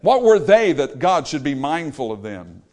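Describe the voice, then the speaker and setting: A male preacher delivering a sermon, rising to loud exclamations and dropping to quiet, low lines. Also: big pitch swings, normal speed.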